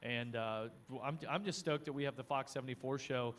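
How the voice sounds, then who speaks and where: A man co-hosting a live motocross show outdoors, relaxed and teasing, with plenty of fillers. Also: medium pitch, brisk. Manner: easygoing, teasing, many fillers. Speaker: co-host. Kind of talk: live paddock broadcast chat.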